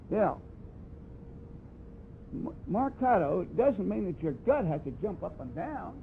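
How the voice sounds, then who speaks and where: A man's voice: a little high, animated, unhurried, creaky, pauses often. A man giving a brass clinic in a plainspoken, wry way, scatting phrases to demonstrate. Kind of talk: blunt, conversational teaching talk. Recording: tinny lo-fi archival tape with faint hiss.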